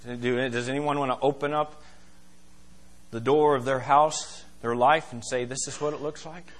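A male pastor preaching a sermon, emphatic and questioning, swinging from loud declarations to hushed asides. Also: mid-range voice, steady tone, normal speed. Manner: addresses congregation as beloved, asks questions.

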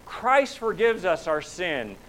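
A man's voice: sits high, sing-song, takes it slowly, fairly bright tone, rough recording. A man preaching a sermon in a church, asking rhetorical questions and pushing his voice up for emphasis. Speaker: pastor.

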